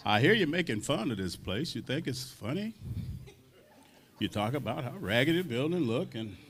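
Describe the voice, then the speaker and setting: A man voicing an older bluesman bandleader who quietly and fatherly scolds a young drummer, calling him son. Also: mid-range voice, big pitch swings, voice pushed down. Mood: gently scolding. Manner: slow, soft, fatherly, calls him son.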